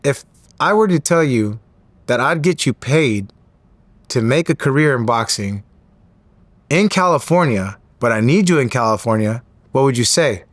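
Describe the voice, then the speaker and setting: With an expressive voice at a moderate pace, a man in his thirties recounts an animated story as an interview guest. He performs the other characters' lines, lifting his pitch for the quoted voices, and there is no echo.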